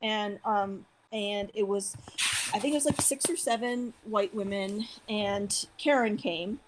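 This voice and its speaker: A woman in her forties telling a story as a podcast guest, animated, acting out the people she quotes with jumps in pitch. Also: a little slow, noisy background. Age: 40s. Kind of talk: casual storytelling interview.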